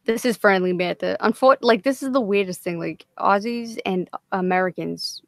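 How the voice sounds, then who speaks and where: A woman's voice: medium pitch, moderate pace, gravelly, dry recording, studio quality. A woman hosting a casual livestream chat, bantering and swearing freely. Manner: profane, laughing banter. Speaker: livestream host.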